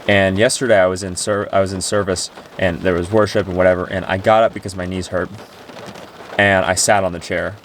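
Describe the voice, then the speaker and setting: A man's voice: deep voice, slight background noise. A man talking earnestly and emotionally to camera about his faith, rambling with restarts and sounding tearful. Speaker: Christian vlogger. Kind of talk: personal faith talk to camera.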